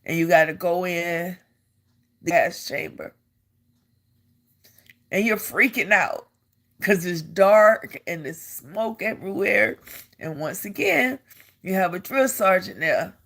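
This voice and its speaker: A woman's voice: on the low side, lively intonation, slow, long pauses, a bit bright. An older woman, an army veteran, telling a personal story in an earnest way and repeating phrases for emphasis.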